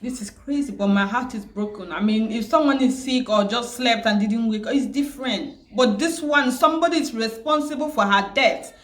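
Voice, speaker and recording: A tearful, grieving woman who keeps repeating herself and pausing, vlogging about her loss. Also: on the high side, roomy sound. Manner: grieving, repetitive, pausing often. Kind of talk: emotional personal vlog.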